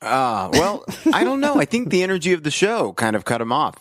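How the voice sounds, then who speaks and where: A man's voice: fairly high pitch, huge pitch swings, brisk, a bit bright, no room sound, studio quality. Hiccuping man hosting a podcast. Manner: rambling, lots of ums and uhs. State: has the hiccups. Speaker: podcast host. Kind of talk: casual podcast chat.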